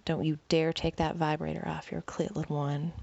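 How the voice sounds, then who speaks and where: A woman voicing a dominant, commanding male lover in a whispered role-play, speaking low and teasing. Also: little pitch movement, normal speed, creaky, a little mellow, lo-fi sound. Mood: taunting.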